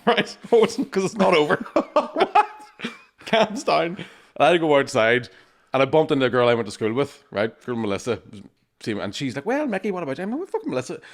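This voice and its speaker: A man's voice: medium pitch, very animated, normal speed, long pauses. An Irish man telling a rowdy story in casual chat, swearing constantly, tagging lines with "right?" and acting out other people's voices. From Ireland. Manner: swears constantly, keeps asking "right?", acts out quoted voices. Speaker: podcast co-host telling a story.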